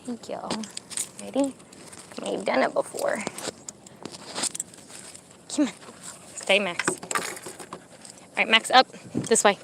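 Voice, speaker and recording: A woman's voice: medium pitch, takes it slowly, vocal fry, pauses often, noisy background. A young pregnant woman, chatting casually to a live stream and giving commands to her dogs, a little out of breath in the heat. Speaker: vlogger with service dogs. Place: outdoor dog park.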